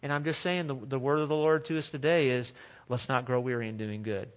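A man's voice: medium pitch, steady tone, fairly quick. A man preaching a sermon as pastor, earnest and conversational, often restarting his phrases.

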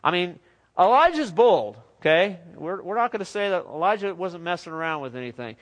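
Male preacher, pretty high voice, chatty and jokey sermon. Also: fairly quick. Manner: lively, conversational, with joking asides.

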